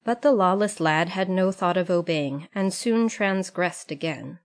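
A woman reading a classic novel aloud as an audiobook narrator. Her voice sits on the low side, calm and even as she tells the story. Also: a little slow. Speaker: audiobook reader. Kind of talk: scripted narration.

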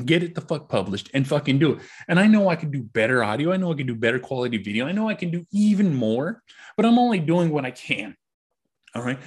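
A man's voice: mid-range voice, slightly rough. A middle-aged man hosting a solo podcast, ranting in a frustrated, profane, repetitive way. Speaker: podcast host.

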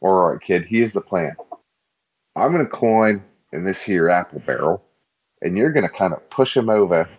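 Deep-voiced man playing a tabletop game. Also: lo-fi sound. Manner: plotting, conversational, swears casually. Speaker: player.

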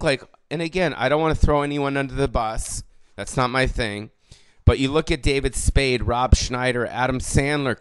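Late-40s guy doing a rambly sweary comedy rant, smooth clear voice, dry close sound. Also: medium pitch, no echo. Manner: rambling, swearing, loud bursts of bravado; trails off into mumbled fillers. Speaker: podcast host.

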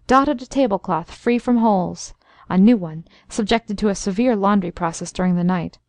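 A woman narrating a classic story in an even, expressive storytelling manner. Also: medium pitch, no echo, studio quality. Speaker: audiobook narrator.

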